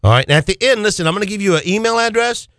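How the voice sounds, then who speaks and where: A man's voice: high voice, animated, rapid-fire, a bit bright, dry recording, clean studio sound. A man hosting a radio show, preaching fervently with exclamations and rhetorical questions.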